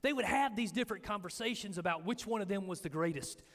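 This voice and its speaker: A man preaching a sermon as pastor, telling stories and acting out the quotes with lively energy. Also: high voice, fast talker. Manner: animated storytelling, acting out quotes. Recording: echoey hall with long reverb.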